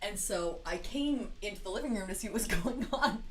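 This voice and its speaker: A young woman co-hosting a casual podcast, telling stories in a lively way and laughing often. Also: medium pitch, brisk, slight background noise. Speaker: podcast co-host. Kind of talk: casual conversation.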